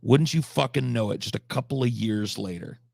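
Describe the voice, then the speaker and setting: Gravelly guy on a livestream rambling thru fake war stories, deadpan, swears a lot, dry close sound. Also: mid-range voice, normal speed, dry recording. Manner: deadpan tall tales, profane asides. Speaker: livestream host. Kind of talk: rambling absurd comic storytelling.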